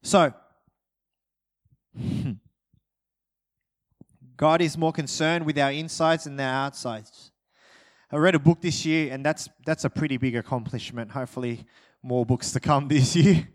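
A pastor preaching a sermon in a conversational way, with light humor and repeated phrases. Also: male voice, medium pitch, steady tone, a little slow, long pauses.

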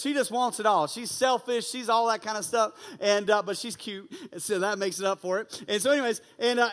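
High-voiced man preaching in hall. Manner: energetic, repeats "you know what I'm saying", many restarts. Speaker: youth pastor. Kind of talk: lively conversational sermon. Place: large church auditorium. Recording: long hall reverb.

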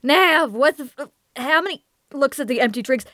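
A woman playing a tabletop game, excitable and swearing freely. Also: high voice, normal speed, dry recording, studio quality. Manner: excitable, swears a lot, laughs often. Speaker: player. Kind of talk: casual tabletop game chat.

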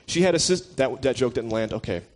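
A man's voice: mid-range voice, a little fast. Laid-back joking man preaching. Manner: relaxed and joking, chats with the listeners. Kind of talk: casual conversational sermon.

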